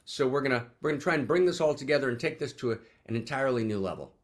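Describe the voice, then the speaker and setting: Brief: male teacher on a video call, lively swooping pitch, exuberant, keeps checking in with his listeners. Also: very fast. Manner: exuberant, repeats questions, peppers talk with "right?". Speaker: teacher leading an online gathering. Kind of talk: animated spiritual teaching talk.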